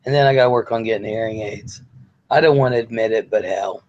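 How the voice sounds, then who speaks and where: A man's voice: lowish voice, fast, darkish tone, dull audio. Man casually rambling and reading out comments. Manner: rambling, reads viewer comments aloud, sighs and jokes. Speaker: show host. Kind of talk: casual live-stream chat.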